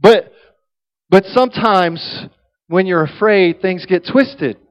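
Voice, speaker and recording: A man preaching a sermon, telling a humorous story in an animated way. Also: high voice, slow pace, rough recording.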